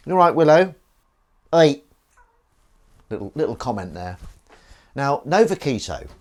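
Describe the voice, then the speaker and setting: A man hosting a live stream, chatting playfully and rambling with silly asides while washing up. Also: mid-range voice. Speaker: streamer host.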